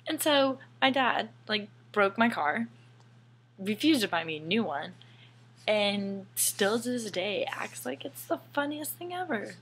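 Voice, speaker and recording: A young woman telling a personal story in a casual, animated way, swearing often and dropping into whispered asides. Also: medium pitch, a little slow, breathy edge. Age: young adult.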